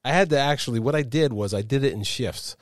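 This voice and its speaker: A man's voice: medium pitch, quick pace, dry recording, clean studio sound. A man from Canada hosting a podcast, telling stories in casual chat and laughing easily. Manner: chatty storyteller, laughs easily. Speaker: podcast host.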